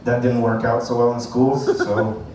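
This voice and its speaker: At an open mic night, a man does a stand-up set, rambling, swearing, and laughing at his own jokes. His mid-range voice moves little in pitch and runs at a normal speed. It's recorded from a distance in an echoey room with faint noise.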